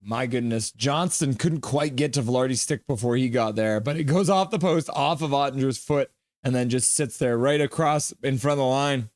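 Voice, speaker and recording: A man hosting a live hockey watch-along stream, calling the plays casually, joking with chat and getting loud at goals. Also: medium pitch, normal speed, dry recording. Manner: excitable, jokey, shouts at goals. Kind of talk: casual play-by-play and chat reading.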